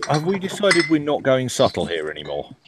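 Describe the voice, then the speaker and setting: A man taking part as a player in a tabletop role-playing game, speaking in a dry, deliberate way. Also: medium pitch, huge pitch swings, heavy background noise. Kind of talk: casual tabletop game play.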